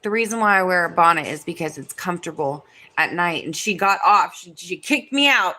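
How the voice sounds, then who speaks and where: A woman's voice: lowish voice, expressive, fairly quick, sharp tone. A woman chatting casually and cursing freely as she retells a story with animation.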